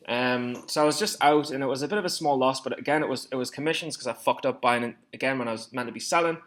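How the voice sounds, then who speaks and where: Man, 20s, casual vlogger; rambling, self-deprecating, frequent swearing, middle pitch. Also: fast talker, few pauses, a bit bright. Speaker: stock trading vlogger. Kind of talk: casual screen-share commentary.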